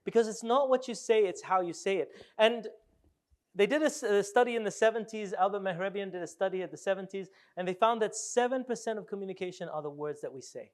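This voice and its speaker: Brief: high-pitched male speaker, animated and playful, works the room. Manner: animated, jokey, asks the audience questions. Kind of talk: live workshop talk.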